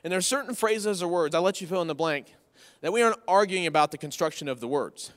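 A man's voice: high voice, expressive, fast, fairly bright tone. A man in his thirties preaching a conversational sermon, folksy and repeating key phrases for emphasis. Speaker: pastor. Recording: long hall reverb from the room.

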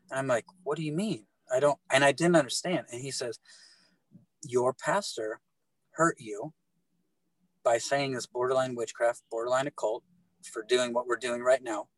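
A middle-aged man telling his faith story in casual talk, animated and halting, often repeating words and restarting. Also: medium pitch, no room sound, low-quality recording. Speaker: guest telling his testimony.

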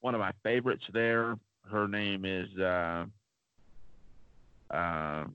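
A man with a lowish voice tells long, wandering stories on a casual podcast, filling pauses with plenty of ums and uhs. The sound is dull and lo-fi, close and dry with no room around it. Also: clear, resonant tone, no echo. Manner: rambling, chatty, many fillers. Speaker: podcast co-host.

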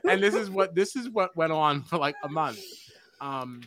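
A male podcast host telling a story in an animated, laughing way, acting out the lines he quotes. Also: a little high, moderate pace. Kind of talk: casual chat.

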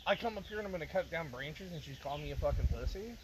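Animated swearing young man, lively pitch. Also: very fast, noisy background. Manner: animated storyteller, swears a lot, says "dude" constantly. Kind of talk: casual chat with friends outdoors. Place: outdoors, windy spot.

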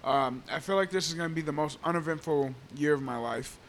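A man in his twenties co-hosting a podcast, telling stories in a casual, animated way and often calling others "bro.". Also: a little high, brisk. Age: 20s. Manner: animated storytelling, laughing, says "bro" often. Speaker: podcast co-host.

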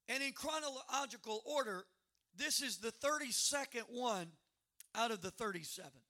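A male pastor preaching with a high, gravelly voice. His tone is bright and edged, and he leans hard on key words, building to loud, emphatic calls. It sounds like a sermon delivered to a congregation. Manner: emphatic preaching with repetitions, rising to loud exclamations.

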